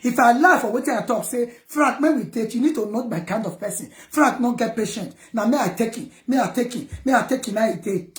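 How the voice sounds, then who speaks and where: A woman's voice: on the high side, animated, fairly quick, few pauses, roomy sound. A Nigerian woman speaking Pidgin English, ranting defiantly at her viewers and scolding her critics. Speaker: vlogger. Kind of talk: heated personal rant to viewers.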